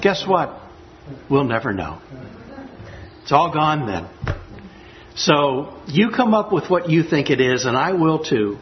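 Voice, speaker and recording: A man's voice: fairly high pitch, sing-song, slow, pauses often, muffled recording. A man preaching a sermon, earnest and emphatic as he reads scripture and reflects on it. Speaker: pastor.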